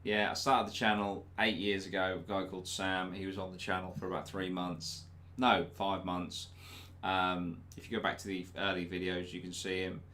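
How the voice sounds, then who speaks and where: A young man, a YouTube host answering viewer questions in casual, sweary chat and mimicking people loudly. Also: deep voice, level tone, normal speed, few pauses. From England.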